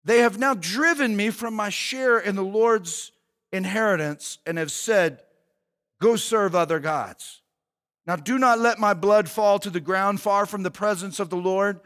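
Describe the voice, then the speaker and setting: A man voicing an indignant young male warrior who calls out loudly and scolds. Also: sits high, a little slow, in a large hall. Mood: pleading.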